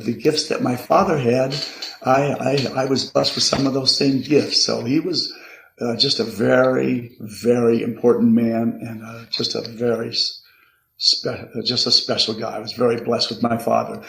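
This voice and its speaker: Older guy, raspy gravelly voice, earnest stop-start storytelling, echoey room. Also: medium pitch, a bit bright. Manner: earnest, halting with repeated restarts. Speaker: guest. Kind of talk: reflective personal storytelling. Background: card shuffling.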